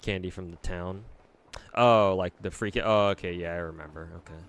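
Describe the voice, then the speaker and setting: Male game streamer, deep voice, loose and crude, answers chat between plays, faint music underneath. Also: normal speed, vocal fry, fairly bright tone. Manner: blunt and profane, drawling with many fillers. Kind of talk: casual live-stream chat reading viewer comments.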